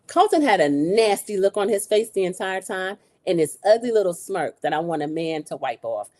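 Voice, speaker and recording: A woman's voice: lowish voice, brisk, hardly any pauses. Opinionated woman recapping a show. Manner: opinionated, animated retelling with quoted dialogue.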